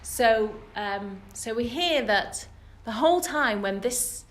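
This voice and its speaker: A woman's voice: on the high side, slow pace. Earnest woman teaching in an echoey room. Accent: British English. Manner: earnest storytelling, lively and emphatic. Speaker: religious teacher. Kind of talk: women's Torah class talk. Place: room with a live group of women.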